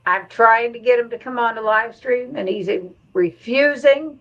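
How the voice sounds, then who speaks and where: A woman's voice: a little high, measured pace, highs cut off. A middle-aged woman hosting a live stream in casual chat, reading viewer comments aloud and laughing along.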